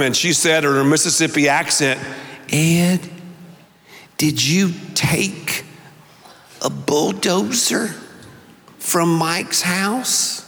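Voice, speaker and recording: A man preaching a sermon with a notably high voice and an unhurried, deliberate pace. He tells stories and leans on single words with pauses for emphasis. His voice carries the long reverb of a large church hall. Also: a bit bright. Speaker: pastor.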